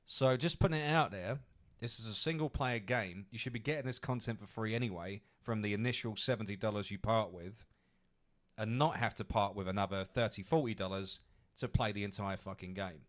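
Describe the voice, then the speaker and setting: A man's voice: lowish voice, fairly quick. A man hosting a podcast, ranting angrily with lots of swearing. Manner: angry, profane ranting. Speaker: podcast host. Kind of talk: ranting commentary.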